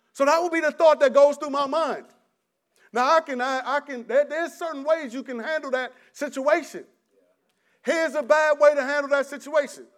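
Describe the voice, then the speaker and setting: A middle-aged man preaching a conversational sermon, often restarting his sentences and swinging between loud and hushed delivery. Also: very high voice, fairly even intonation, moderate pace.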